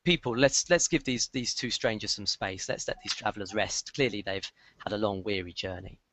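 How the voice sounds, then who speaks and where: A man voicing a well-dressed priest who speaks in a measured, courteous way in a tabletop game. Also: lowish voice, a bit bright, no echo. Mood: commanding. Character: well-dressed male priest, calm and authoritative.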